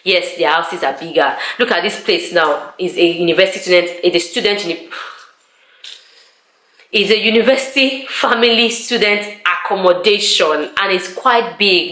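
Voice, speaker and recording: A young woman from Nigeria chatting casually to camera in a vlog, animated and acting out conversations she recalls. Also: lowish voice, echoey room. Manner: chatty, animated, acts out quoted exchanges. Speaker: vlogger. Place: living room of student family accommodation.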